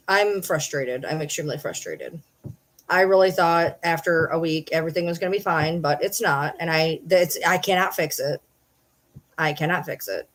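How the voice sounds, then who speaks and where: Casting note: woman with a slightly low voice, exasperated home vlogger venting to camera, swears a lot, repeats lines. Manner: frustrated, swearing, repeats herself. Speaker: vlogger and livestreamer. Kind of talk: casual rant to camera.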